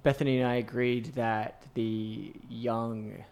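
A man's voice: mid-range voice, flat delivery, takes it slowly, vocal fry, a little mellow. A man co-hosting a casual chat, rambling with lots of fillers and restarts. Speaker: podcast co-host.

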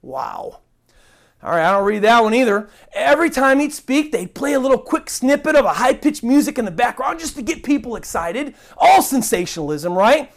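A woman's voice: a little high, sing-song, normal speed, creaky. A woman giving an earnest online Bible teaching, indignant and emphatic, repeating words for stress.

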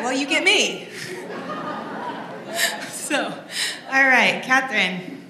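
A woman's voice: high-pitched, animated, slow pace, pauses often. A woman leading a church service, chatty and enthusiastic as she introduces students. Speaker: youth leader introducing speakers. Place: church sanctuary. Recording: echoey hall, faint noise.

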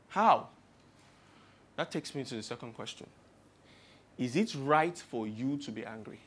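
A man's voice: medium pitch, lively intonation, measured pace, pauses often, a bit bright, breathy edge. A man with a Nigerian accent preaching a sermon in a humorous, rhetorical way, piling up long spoken lists.

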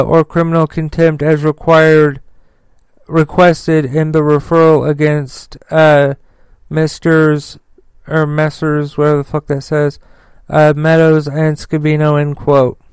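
A man hosting a political news commentary podcast, blunt and profane, reading the news haltingly with frequent fillers. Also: a little high, clear, resonant tone, no echo. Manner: reads news haltingly with many fillers and restarts. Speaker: podcast host.

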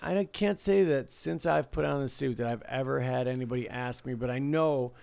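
A man with a mid-pitched, gravelly voice chats easygoingly, agreeing often and drifting into relaxed anecdotes. He sounds dry and close to the mic. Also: moderate pace, no room sound. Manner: easygoing, agreeable, frequent "right". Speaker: casino floor supervisor. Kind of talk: casual podcast chat.

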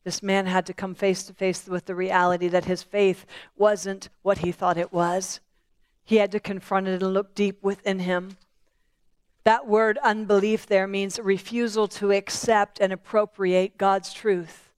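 A woman's voice: mid-range voice, level tone, a little slow, a little mellow, clear, resonant tone, no echo. Earnest woman preaching a sermon. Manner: earnest, questioning, voicing Bible figures in prayer.

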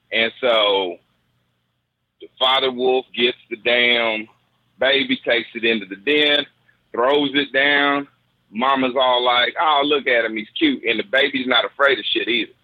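A man's voice: medium pitch, slow, pauses often. A man retells a story in loose, profane slang, chatting casually as a host. His voice sounds tinny, like a phone line. There is no room echo at all.

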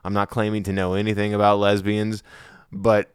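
Deep-voiced young man, rambling crude chat. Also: monotone, moderate pace, clear, resonant tone, no room sound, studio quality. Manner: rambling, crude, many restarts and fillers. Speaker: podcast co-host. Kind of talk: casual chat.

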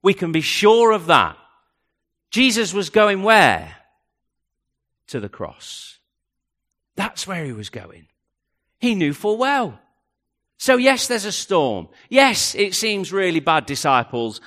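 Male pastor, mid-life, bright lively delivery that drops to a hush. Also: sits high, slow, long pauses. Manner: dramatic, rising and dropping to near hush. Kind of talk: sermon.

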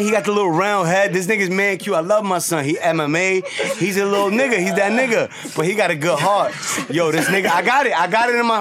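A man, telling profane stories loudly on a podcast and laughing often. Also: high voice, background noise. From New York. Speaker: podcast host. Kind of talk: casual chat.

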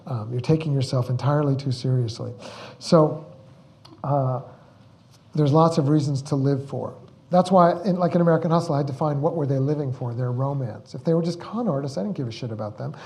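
A man's voice: medium pitch, a little fast, a little mellow. A man, a film director, telling rambling stories at a Q&A. He restarts and repeats words and acts out the quotes he tells. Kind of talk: anecdotal storytelling at a Q&A.

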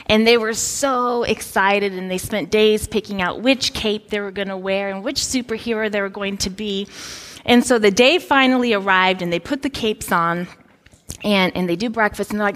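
Woman pastor in her thirties; animated storytelling sermon, mid-pitched voice. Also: moderate pace. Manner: lively storytelling, animated quotes.

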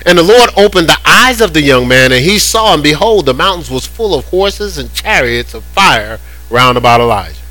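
A man preaching with a lively, swooping delivery and a bright, ringing tone, his voice set a little high for a man. He talks to the congregation in a loose, conversational way and doubles up his words as he builds a point. Soft music plays behind him. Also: normal speed, few pauses, low-quality recording. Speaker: pastor. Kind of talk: sermon.

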